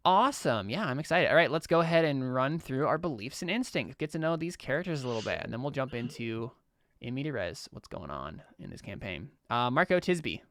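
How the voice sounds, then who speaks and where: Chill gm guy walking his players through things, lively, dry sound. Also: mid-range voice, fairly quick, dry recording. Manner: relaxed, guiding, laughs along. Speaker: game master. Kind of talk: running a tabletop game.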